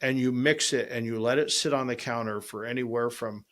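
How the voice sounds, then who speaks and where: A man hosting a podcast, telling a long story in a casual, animated way and acting out both sides of the conversation. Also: medium pitch, brisk. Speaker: podcast host and restaurant owner.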